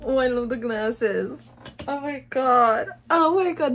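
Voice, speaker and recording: A woman's voice: high-pitched, slow pace, a bit bright. A young woman hosting a music video reaction, gushing and exclaiming, now and then dropping in Japanese words. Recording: faint music behind.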